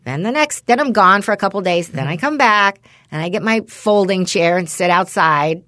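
A woman's voice: medium pitch, normal speed, dry recording, studio quality. Rambling woman telling a casual story. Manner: rambling storyteller, animated when quoting others. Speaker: podcast co-host. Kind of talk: casual chat.

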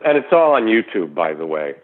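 A middle-aged actor talking as an interview guest, rambling through anecdotes with lots of "you know" restarts. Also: male voice, low voice, big pitch swings, fairly quick. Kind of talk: casual interview storytelling. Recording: tinny phone line.

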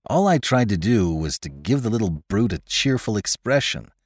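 A man's voice: lowish voice, sing-song, moderate pace, no room sound, studio quality. A man reading aloud and voicing an anxious young portrait painter who talks in a hesitant, worried way.

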